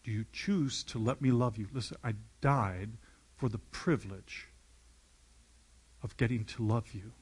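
A man voicing Jesus as a gentle, loving grown man who speaks tenderly and pleads softly. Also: mid-range voice, a little slow, husky. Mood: pleading. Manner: tender, pleading, dropping to a whisper.

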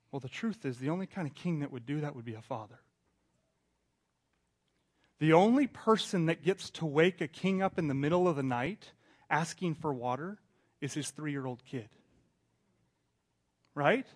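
A man, a pastor in his thirties, preaching a sermon in a conversational way, stumbling over restarts and swinging from hushed asides to loud outbursts. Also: a little high, animated, normal speed, long pauses.

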